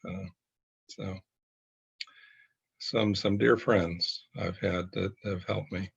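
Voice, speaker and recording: A man serving as a pastor speaks slowly in a low, gravelly voice, pausing often and filling the gaps with small sounds. The recording is dull and lo-fi. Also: fairly even intonation. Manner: slow, halting, many fillers. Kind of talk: reflective group discussion.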